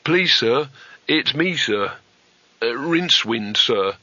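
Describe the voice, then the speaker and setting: A man voicing a cowardly young male wizard who talks in a flustered, squeaky way. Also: expressive, slow pace, pushed and bright, no echo, full character voice. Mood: nervous. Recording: slightly dull, dry audiobook recording.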